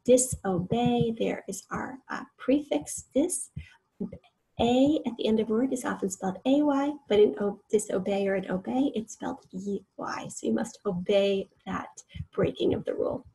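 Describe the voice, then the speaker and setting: A woman's voice: medium pitch, normal speed, creaky, mellow, breathy edge, rough recording. A woman teacher leading a recorded spelling lesson for children, patiently explaining each word and sounding out its parts.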